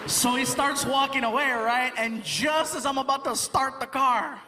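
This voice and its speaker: Male stand-up comedian, animated storytelling, high voice, live venue ambience. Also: moderate pace, long reverb tail, crowd noise, noisy background. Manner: animated, acts out every character.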